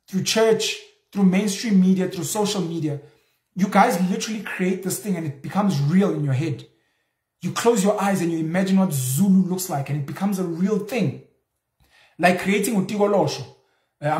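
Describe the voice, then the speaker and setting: A young South African man talks through a casual solo monologue, voice sitting fairly high for a man. He slips into little acted-out exchanges as he goes. The room around him rings with echo. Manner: animated, acts out imagined dialogue in asides. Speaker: show host. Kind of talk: casual monologue on culture and religion.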